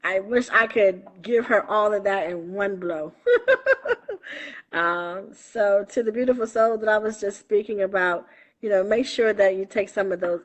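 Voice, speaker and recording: A woman spiritual coach in a casual live stream on her phone, affectionate and laughing often, calling listeners baby and honey. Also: mid-range voice.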